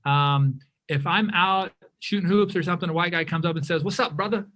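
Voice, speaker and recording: A man from California leading an interactive diversity workshop, lively and often correcting himself mid-sentence. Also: a little high, fairly quick. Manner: animated, self-correcting, acts out quoted remarks.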